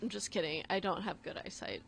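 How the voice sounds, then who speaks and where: A woman's voice: mid-range voice, brisk, gravelly, slightly rough. A woman co-hosting a radio show in a studio, chatty and self-deprecating, giggling often. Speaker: radio co-host. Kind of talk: casual studio chat.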